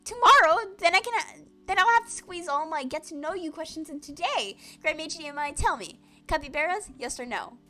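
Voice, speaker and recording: A woman voicing an excitable teenage girl who gushes eagerly as she reads a game aloud. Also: soft background music, heavily acted. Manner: gushing, rapid, high and eager.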